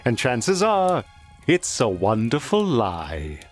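A man's voice: medium pitch, wildly swooping pitch, slow, soft background music. A man giving a scripted intro narration in a genteel, British-sounding storyteller manner.

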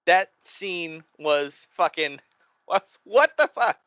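A man chatting casually about a movie, animated and quick to swear and react. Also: on the high side, no room sound. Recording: dry, slightly muffled lo-fi audio.

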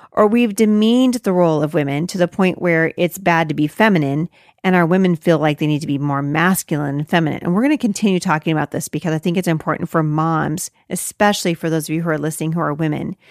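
A woman's voice: lowish voice, no room sound, studio quality. A middle-aged woman hosting a faith-based motherhood talk, speaking earnestly and with animation, often restarting her sentences. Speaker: podcast host.

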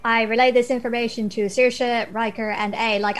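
A woman's voice: fairly high pitch, level tone, normal speed. A woman playing in a tabletop role-playing game, bold and playfully stern. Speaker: player. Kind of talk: casual tabletop play.

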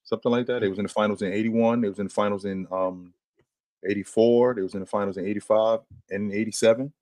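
A man's voice: on the low side, steady tone, quick pace, a little mellow, no echo. A man on a casual sports panel who argues emphatically and repeats his points. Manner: emphatic, repeats himself, many mm-hmms.

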